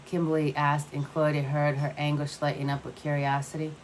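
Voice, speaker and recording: Low-voiced woman reading a story aloud. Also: steady tone, normal speed, hardly any pauses, a little mellow, a little hiss or hum, poor audio. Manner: reads aloud with small slips and restarts. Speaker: audiobook reader. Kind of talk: scripted narration.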